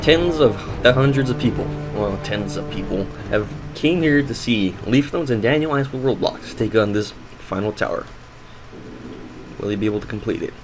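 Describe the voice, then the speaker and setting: Excitable male play-by-play commentator. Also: on the low side, normal speed, low-quality recording. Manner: excitable, builds to loud shouts at big moments; hesitant fillers between calls. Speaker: sports commentator. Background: background music.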